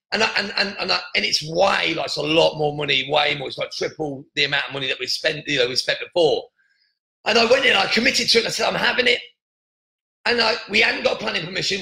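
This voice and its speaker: High, bright-voiced man with a gravelly edge. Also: reverberant, low-quality recording. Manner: earnest, repetitive, many restarts. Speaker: podcast host. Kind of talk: motivational podcast monologue.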